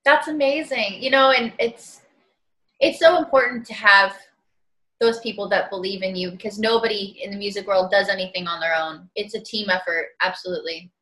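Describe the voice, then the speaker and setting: A woman's voice: mid-range voice, fairly even intonation, moderate pace, sharp tone. A woman interviewing a guest and reacting with short, encouraging exclamations.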